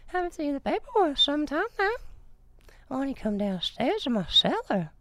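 A man doing an impression of a creepy, wheezy old cartoon man with a thin, breathy voice. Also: very high voice, sing-song, moderate pace, a bit bright, no room sound, pitched above the performer's own voice, full character voice. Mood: creepy, leering. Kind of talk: impression in a casual podcast.

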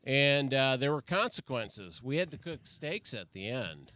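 A man guest on a podcast, telling a story among friends in a relaxed way and laughing easily. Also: medium pitch, measured pace. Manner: laid-back, laughing. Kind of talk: casual storytelling.

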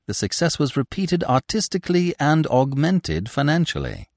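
A male narrator reads a classic novel with a very lively pitch that rises and falls. His voice sits fairly low and sounds close and dry. The reading is dramatic throughout. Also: no room sound.

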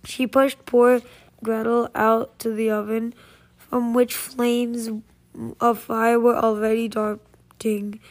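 A woman reading a fairy tale aloud, slow and measured, with small slips and restarts. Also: fairly high pitch, level tone. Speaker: storyteller.

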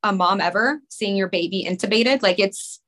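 Bright-voiced woman telling an emotional story. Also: mid-range voice. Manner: rushed, rambling, many "like" fillers. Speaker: podcast guest, mother. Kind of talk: emotional personal story in conversation.

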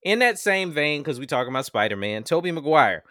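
A man's voice: on the high side, very animated, brisk, bright, forceful tone, no echo. A man co-hosting a podcast, joking and chatting casually. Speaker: podcast co-host. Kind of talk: casual chat.

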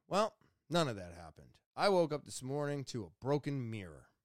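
A young adult man casually retelling his morning in an animated, exasperated way, voicing his own thoughts as he goes. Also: mid-range voice, normal speed, no echo, clean studio sound. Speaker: vlogger. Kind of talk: casual storytelling to camera.

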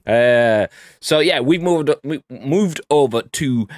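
Recorded in a clean studio with no room sound, a video game podcast co-host speaks slowly and expressively at medium pitch. He jokes, banters casually and swears freely in a live-stream chat.

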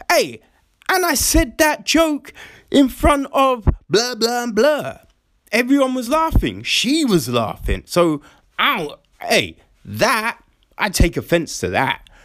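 A man's voice: high-pitched, a bit bright, no room sound, studio quality. A man giving casual commentary, mocking and incredulous, swearing often and laughing.

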